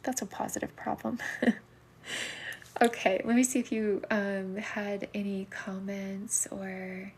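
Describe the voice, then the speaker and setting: A middle-aged woman gives soulmate readings on a livestream, speaking casually in a soft, soothing voice that often sinks to a whisper. She takes it slowly, her medium-pitched voice level in tone and slightly rough.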